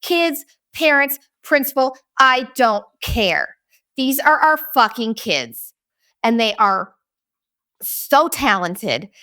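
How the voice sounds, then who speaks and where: A forty-something woman hosts her own podcast and tells a comedic story in a bright, sharp voice. She is blunt and profane, ranting freely with a lively, swooping pitch that sits a little on the high side. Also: slow pace. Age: 40s. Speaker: podcast host. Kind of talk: casual comedic storytelling monologue.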